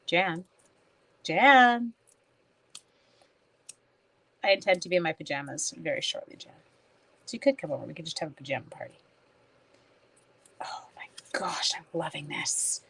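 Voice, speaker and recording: A woman's voice: deep voice, normal speed, vocal fry, pauses often, fairly bright tone, breathy edge. This is a middle-aged woman from Canada talking casually through a live crafting stream. She is chatty and pokes fun at herself. She keeps greeting and answering viewers by name while she works on a card. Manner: chatty, self-mocking, talks to viewers by name while working. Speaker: papercraft demonstrator live-streaming.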